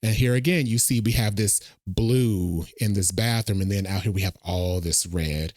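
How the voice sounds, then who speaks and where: A man's voice: on the low side, moderate pace, darkish tone, dry recording, studio quality. A man casually reacting to a movie trailer, thinking aloud and talking to his viewers. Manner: chatty, thinks aloud, addresses viewers as y'all.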